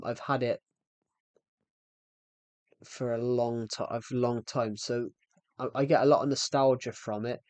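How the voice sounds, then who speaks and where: A man's voice: mid-range voice, a little mellow, dry recording. Young man, game streamer, casual live chat, out of breath, rambling, dry. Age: 20s. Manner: rambling, restarts sentences, thanks viewers.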